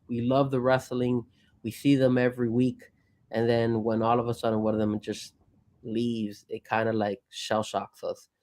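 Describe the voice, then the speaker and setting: A man co-hosting a live show, talking emotionally in a loose, rambling way. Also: medium pitch. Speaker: co-host. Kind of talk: casual live show chat.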